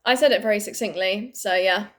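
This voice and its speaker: A woman, telling a story to camera in a blunt, animated way with lots of swearing. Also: mid-range voice, fairly quick. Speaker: vlogger. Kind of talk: casual storytime vlog.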